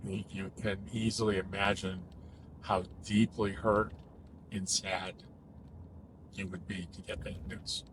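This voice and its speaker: Thoughtful, measured man explaining. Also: low voice, level tone, noisy background. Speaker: cognitive behavioral therapist. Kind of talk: casual explanatory talk.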